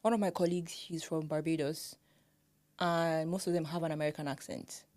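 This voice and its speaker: A woman with a Nigerian accent talks in casual podcast chat, her voice sitting a little low. She is animated, laughs often and imitates how people pronounce words. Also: fairly quick. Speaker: podcast co-host.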